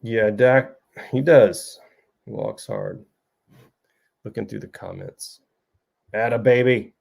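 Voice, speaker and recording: A man's voice: medium pitch, slow pace, vocal fry, long pauses, a little mellow. A middle-aged man, an author hosting a livestream, chatting loosely and jokingly with viewers and reading their comments. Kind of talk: casual chat.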